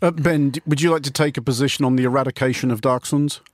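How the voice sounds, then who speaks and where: A man's voice: mid-range voice, steady tone, fast, dry recording. Male radio host, dry wit, close studio mic, no room. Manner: dry, wry asides. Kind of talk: hosting a radio discussion.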